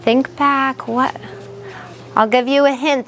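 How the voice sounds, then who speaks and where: A patient, encouraging woman teacher speaking in a classroom, her voice sitting a little on the high side. She stretches words out syllable by syllable for young learners, with a faint hum of noise behind her. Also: steady tone, slow pace, a bit bright.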